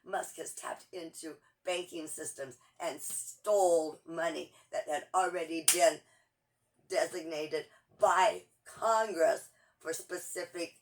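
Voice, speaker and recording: A woman's voice: lowish voice, fairly even intonation, takes it slowly. A woman giving a frustrated, urgent political monologue, repeating phrases as she pleads and rails. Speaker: political commentator.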